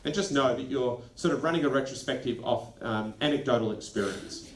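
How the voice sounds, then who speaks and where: A man presenting a lively workshop to school leaders, animated and acting out quick snippets of dialogue. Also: medium pitch. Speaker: education consultant presenting a workshop. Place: training venue. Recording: echoey room.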